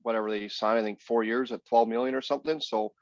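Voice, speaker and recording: A man's voice: mid-range voice, fairly even intonation, fast talker, dry recording. A man co-hosting a casual hockey podcast, blunt and sarcastic in his opinions. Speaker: podcast co-host. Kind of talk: casual sports chat. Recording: dull lo-fi, dry sound.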